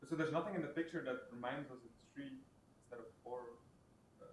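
A man's voice: medium pitch, a little fast. A man in the audience asking a lecturer a question, hesitant and searching for words. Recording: echoey room, faint hum.

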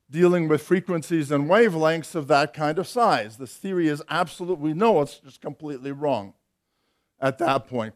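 An older man giving an academic physics lecture, explaining step by step with dry, wry humour and occasional hesitant fillers. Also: on the high side.

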